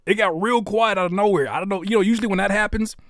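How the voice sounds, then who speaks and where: A man's voice: high voice, fast talker, dry recording. A man hosting a live music stream, chatting casually and playfully teasing his viewers. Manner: animated and playful, reads chat aloud and teases viewers.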